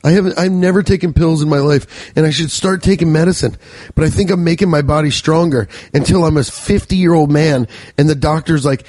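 A man hosting a podcast, telling stories in a loud, rambling, profane way. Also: on the high side, a little fast, dry recording. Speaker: podcast host. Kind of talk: casual comedic storytelling.

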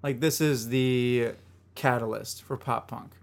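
A man's voice: mid-range voice, fairly even intonation, unhurried, vocal fry. A man hosting a music podcast, chatting casually and enthusiastically about songs, often rambling and repeating himself. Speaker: podcast host reviewing albums.

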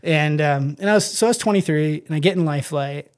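A man's voice: on the high side, a little fast. A man telling his own story in a casual interview, rambling with many fillers and acting out his own thoughts. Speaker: guest.

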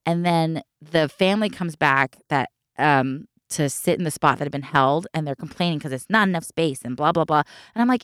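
Woman storyteller, low smooth voice, dry close sound, animated anecdotes. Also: normal speed, few pauses, no room sound. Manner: animated, acts out quotes, swears. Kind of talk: casual storytelling chat.

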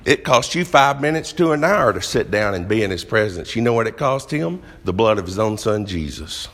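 A man's voice: mid-range voice, creaky. A man preaching a sermon in a church hall, earnest and emphatic, drawing out phrases as he reads scripture.

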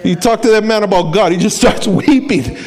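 A man's voice: high-pitched, a little fast, a little mellow. A male preacher giving an emphatic, storytelling sermon.

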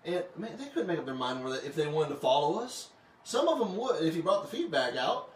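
A man hosting a casual Bible study, reading scripture aloud and joking about it in an animated way. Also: fairly high pitch, fairly quick, a little hiss or hum. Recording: roomy, distant mic with faint ambience.

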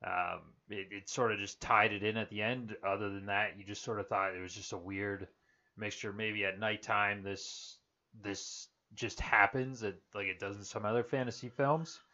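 Halting man with lots of restarts. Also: lowish voice, steady tone, sharp tone, highs cut off. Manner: halting, restarts sentences, many ums. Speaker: podcast co-host. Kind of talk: casual movie chat.

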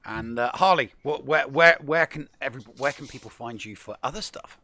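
A man co-hosting a podcast in casual chat, speaking haltingly with many fillers as he wraps up. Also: mid-range voice, pushed and bright. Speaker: podcast co-host.

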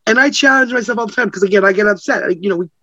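A Canadian publicist, appearing as an interview guest, talks animatedly in a rapid-fire, mid-range voice with a bright, forceful tone, acting out quoted voices and laughing often. The recording is dry and slightly muffled.

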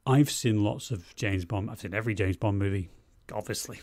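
A man co-hosting a casual film review podcast, talking in an animated, opinionated way and swearing for emphasis. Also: fairly low pitch, a little fast, no room sound. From Scotland. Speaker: podcast co-host.

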